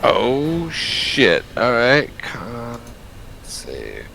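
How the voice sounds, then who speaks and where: A man's voice: mid-range voice, wildly swooping pitch, very slow, creaky, sharp tone, soft background music. A man playing in a tabletop game, laid-back and given to mild swearing. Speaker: player. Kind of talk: casual tabletop game chat.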